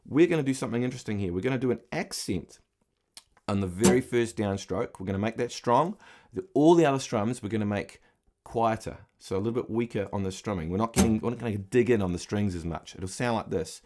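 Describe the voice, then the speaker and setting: A man's voice: lowish voice, quick pace. A middle-aged man giving a guitar lesson, patiently explaining and counting the beats aloud as he strums. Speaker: guitar teacher. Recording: loud guitar strumming under the voice. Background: acoustic guitar being strummed.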